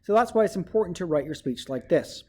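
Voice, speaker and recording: A man's voice: a little high, animated, quick pace, darkish tone, slightly rough. A male teacher giving a writing lesson to children, explaining step by step and often checking in with "okay?".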